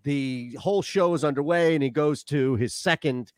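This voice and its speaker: A man's voice: a little high, moderate pace, no room sound. A man co-hosting a sports radio show from Philadelphia, telling stories casually with laughs. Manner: animated anecdote-telling with laughs. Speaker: radio co-host.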